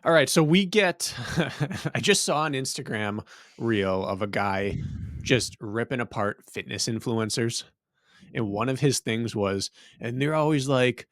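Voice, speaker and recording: Dad cohosting a running podcast, teasing, laughs a lot, mid voice, super dry mic. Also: male voice, mid-range voice, normal speed, no room sound. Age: adult father. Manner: teasing, laughs often, explains with conviction. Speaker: podcast co-host. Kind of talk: casual podcast banter and topic intro.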